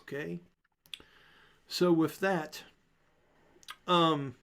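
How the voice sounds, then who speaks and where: A man narrating a tabletop game as game master, relaxed and improvising with fillers. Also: on the high side, very slow, vocal fry, clean tone.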